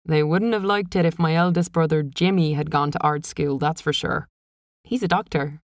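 A chatty young woman from a big family, as a woman plays her, talking matter-of-factly. Her voice sits low. The sound is close and dry. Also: moderate pace, dry recording, lightly acted.

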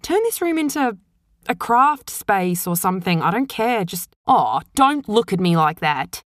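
A thirty-year-old daughter, as a woman acts her out, exasperated yet affectionate with her mother. She talks higher and brighter than plain speech. The recording is close and dry. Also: sing-song, unhurried, no room sound. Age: 30s. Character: grown daughter moving out of home.

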